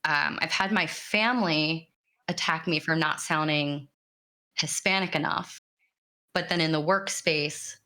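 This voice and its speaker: A woman speaking in a casual panel discussion, animated and emphatic. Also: low-pitched, measured pace.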